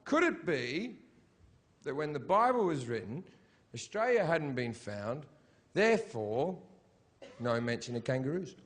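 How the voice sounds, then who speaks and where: A man's voice: fairly high pitch, sing-song, measured pace, pauses often. A middle-aged man doing a stand-up comedy routine on stage, blunt, profane and mocking. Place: comedy stage before a live audience.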